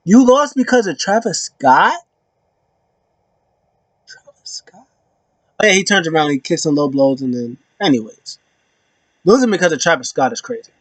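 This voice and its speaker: A young man giving a casual, animated wrestling recap in slangy talk, now and then acting out the wrestlers in a pitched-up voice. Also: brisk, no room sound. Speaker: wrestling show reviewer. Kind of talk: casual opinion vlog.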